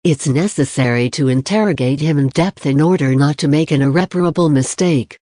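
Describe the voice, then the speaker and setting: Quiet sorrowful woman, read by a narrator, restrained, dry sound. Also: low voice, brisk, dry recording. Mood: sad. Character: grieving woman, gentle and sorrowful.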